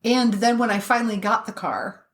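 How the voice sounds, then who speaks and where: A woman's voice: a little high, expressive, normal speed. A woman co-hosting a podcast, telling a story in casual chat, blunt and swearing freely. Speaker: podcast co-host.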